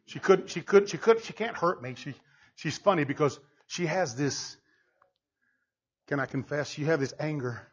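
A male pastor preaching a sermon, dropping low and quiet, then rising to loud, laughing shouts. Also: moderate pace, slightly rough, lo-fi sound.

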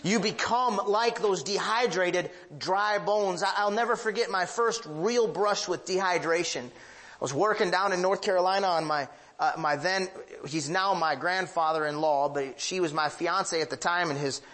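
A man from the northern United States preaches as a pastor at a moderate pace, his voice a bit bright. He is emphatic and confessional, sharing personal anecdotes with sweeping rises in pitch and big swings in his voice.

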